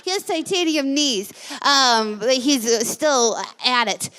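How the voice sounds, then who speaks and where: A woman's voice: high voice, lively intonation, a little slow, a bit bright, clear, resonant tone. A woman telling a comic story on stage, rambling and giggling through it. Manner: rambling and giggly, full of restarts. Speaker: storyteller guest. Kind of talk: live comedic storytelling.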